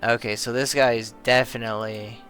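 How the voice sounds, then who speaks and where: A young man playing a horror game, reading the on-screen text aloud and yelling and swearing when things go wrong. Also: medium pitch, little pitch movement, fairly quick, faint music behind. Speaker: let's play gamer. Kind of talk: horror game playthrough commentary.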